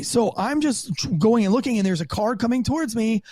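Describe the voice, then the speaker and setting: A man telling a profane, animated story from his rookie years as a police officer, as a podcast guest. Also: high-pitched, brisk, hardly any pauses, no room sound. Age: young adult. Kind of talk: casual storytelling interview.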